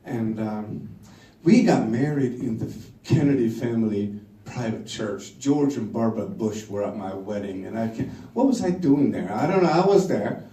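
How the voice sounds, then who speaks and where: A man's voice: lowish voice, moderate pace, far from the mic. Swedish man telling a story, echoey. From Sweden. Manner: animated, laughing, acts out quotes. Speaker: speaker telling a story on stage. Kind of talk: storytelling talk.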